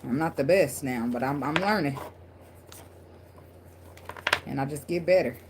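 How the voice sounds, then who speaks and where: A deep-voiced woman, speaking a little slowly in a noisy setting, does a laid-back tarot reading for her audience. She talks to them directly, blunt and profane, laughing often.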